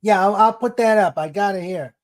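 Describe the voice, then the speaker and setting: A man hosting a casual livestream, chatting and reading viewer comments aloud in an unhurried way. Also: high-pitched. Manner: unhurried, chatty, laughs at jokes. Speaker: livestream host.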